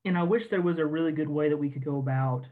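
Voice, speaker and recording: Earnest man on a tinny phone-like line. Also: a little high. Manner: earnest, measured, frequent ums and self-corrections. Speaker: army officer guest. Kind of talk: casual podcast discussion.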